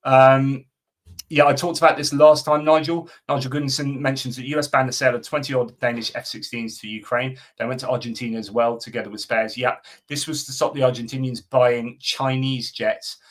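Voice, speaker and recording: This middle-aged man runs a live stream in a level, medium-pitched voice, speaking a little fast as he casually responds to viewer comments. His talk wanders, packed with fillers and false starts.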